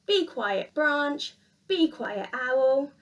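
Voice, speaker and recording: A woman voicing a patient older male mouse who answers calmly and firmly, read from a storybook. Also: high-pitched, very slow, far from the mic, full character voice. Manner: calm, matter-of-fact.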